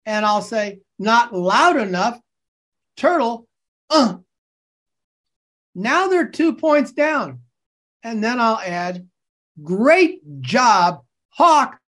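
A man coaching teachers over a video call, slowly explaining a classroom game and acting out its calls with bursts of energy. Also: high-pitched. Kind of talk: enthusiastic classroom-technique demonstration.

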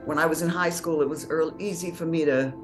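Low-voiced woman with Mid-Atlantic diction. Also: fairly even intonation, roomy sound, music in the background. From New Orleans, USA. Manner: measured, proper diction, many pauses and fillers. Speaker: actor and author, podcast guest. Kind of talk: interview.

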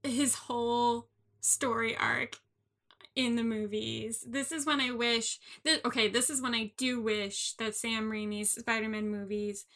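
Young woman, co-host, high voice, bright tone, enthusiastic, casual chat. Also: flat delivery. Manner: enthusiastic, chatty, quick laughs.

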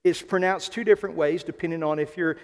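High-voiced Southern pastor preaching. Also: male voice, fairly even intonation, darkish tone. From American South. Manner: preaching with emphatic slowed phrases and repetitions. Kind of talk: sermon. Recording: long hall reverb.

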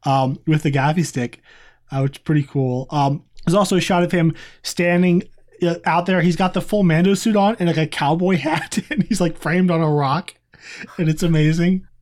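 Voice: medium pitch, fairly even intonation, normal speed, darkish tone. A podcast co-host in a casual review chat, talking in a chatty, rambling way with many asides.

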